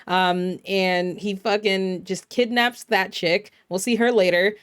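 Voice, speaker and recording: A woman VTuber host in a casual vlog, recapping a horror film with profane, animated storytelling full of fillers. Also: medium pitch, slow, smooth, dry recording, clean studio sound.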